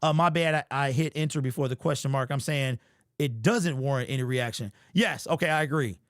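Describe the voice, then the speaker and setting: A man's voice: medium pitch, fairly quick, a bit bright, no room sound. Man, sports commentary host, hyperbolic joking, dry close sound, slangy chatter.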